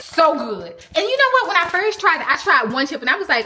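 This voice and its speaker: A young woman vlogging casually to her viewers, chatty and animated, speaking. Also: high voice, fairly quick, hardly any pauses. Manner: chatty, animated, says "y'all" often. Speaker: lifestyle vlogger. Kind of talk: casual vlog chat to viewers.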